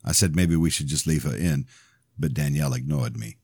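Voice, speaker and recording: Man, very deep voice, reading his own novel, steady narration, dry close sound. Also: fairly quick, husky, no echo. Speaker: podcast host and author.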